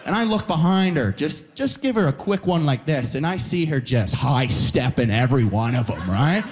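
A Canadian stand-up comic spins a story with lively, swooping intonation, his voice sitting a touch high for a man. He tags nearly every beat with "right?" or "you know?" to pull the room in. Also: moderate pace, slightly rough. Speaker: stand-up comedian. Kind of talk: stand-up comedy set.

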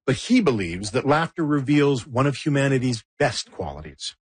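A man's voice: mid-range voice, sing-song, normal speed, breathy edge, no echo. A man hosting and narrating a documentary with playful, wry asides. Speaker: host and narrator.

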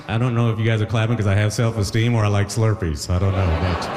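Self-mocking comic in a big echoing hall. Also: male voice, medium pitch, animated, rapid-fire, background noise. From Toronto area, Canada. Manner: conversational, self-mocking, laughs at his own jokes. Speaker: stand-up comedian. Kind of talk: stand-up comedy set. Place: large concert hall stage.

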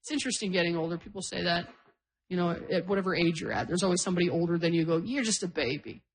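A woman's voice: on the low side, rapid-fire. A middle-aged woman doing stand-up, telling stories in a self-deprecating way and laughing through her lines. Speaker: stand-up comedian. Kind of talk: stand-up storytelling. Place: stage before a live audience.

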